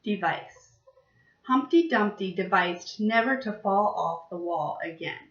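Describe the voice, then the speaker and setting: A woman's voice: mid-range voice, lively intonation. Woman teaching small children, roomy and distant. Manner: slow, exaggerated teacher talk for small children. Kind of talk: vocabulary lesson for young children. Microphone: laptop webcam. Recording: distant, roomy, dull webcam audio.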